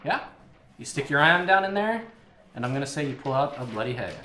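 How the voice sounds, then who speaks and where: Guy running a tabletop game, lively voice, echoey room with people chattering. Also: medium pitch, fairly quick, a little hiss or hum. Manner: animated, laughing storytelling. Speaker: game master.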